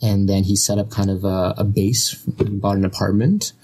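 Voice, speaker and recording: Husky-voiced young man, easygoing podcast guest. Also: fairly low pitch, flat delivery, a little mellow. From Russia. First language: Russian. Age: 20s. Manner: easygoing, laughs often, halting with fillers. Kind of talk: casual podcast chat.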